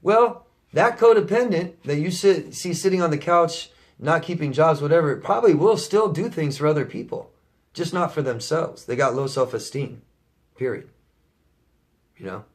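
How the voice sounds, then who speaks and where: A man's voice: on the high side, normal speed. A man working as a life coach, answering viewer questions in a Q&A monologue. He talks bluntly, swears often and repeats his points for emphasis. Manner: blunt and profane, emphatic repetition; reads out viewer questions, then answers them.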